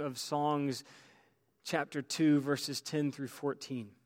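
A man preaching a sermon as pastor, telling a story with many restarts and drops to near-quiet. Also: fairly high pitch, fairly even intonation, takes it slowly.

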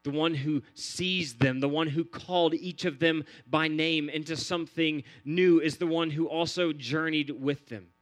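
A man's voice: a little high, steady tone, a little slow, few pauses. A man preaching a sermon in an earnest, repetitive cadence, building phrase on phrase. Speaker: pastor.

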